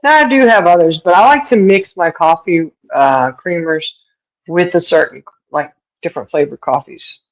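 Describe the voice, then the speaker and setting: On a streaming setup, a middle-aged woman hosts a livestream, chatting informally and laughing a lot as she replies to her viewers. Her voice is lowish and her pace moderate, with poor audio.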